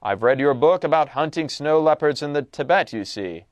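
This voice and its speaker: A man voicing a cultivated older general who speaks formally, slowly and precisely with a slight accent. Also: on the high side, animated, no room sound, natural voice. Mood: grandly polite.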